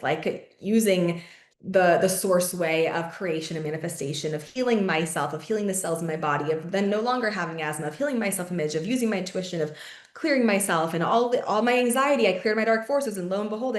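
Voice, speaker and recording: A young woman talks through a personal story as a podcast host, loose and chatty, full of fillers, curse words and little laughs. Her voice sits in an ordinary middle pitch. The recording carries a noticeable roomy echo. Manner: chatty, filler-heavy, swears often, laughs mid-story. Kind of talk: casual storytelling monologue.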